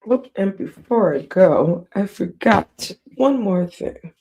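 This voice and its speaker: A woman's voice: mid-range voice, lively intonation, slow pace, warm tone, husky. A woman livestreamer with a cracking voice, giving rambling, gossipy late-night commentary with whispered asides.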